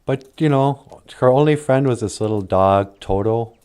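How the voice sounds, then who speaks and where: A man's voice: mid-range voice, normal speed, a little mellow, smooth. A man casually retelling a story for laughs, rambling with filler words. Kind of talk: comic retelling of a film.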